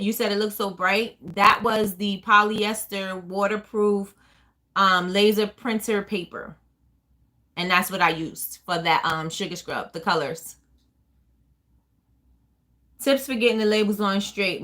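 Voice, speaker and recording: Woman host, casual live chat, rambling and chatty with lots of ums, bright tone. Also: mid-range voice, measured pace. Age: adult with a child. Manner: chatty, rambling, many fillers and restarts. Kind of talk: casual live chat answering viewer questions.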